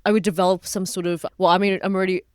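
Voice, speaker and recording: A woman's voice: on the low side, flat delivery, rapid-fire, a little mellow. A woman, a guest chatting casually and agreeably with some self-deprecating humor. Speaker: podcast guest. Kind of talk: casual chat.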